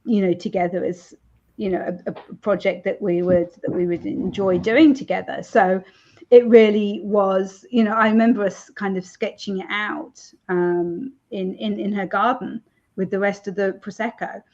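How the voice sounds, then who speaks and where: A woman author chatting in an interview, laughing often and filling pauses with ums. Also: medium pitch, fairly even intonation, a little mellow. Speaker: romance author, interview guest. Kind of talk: casual interview chat. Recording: dull lo-fi sound.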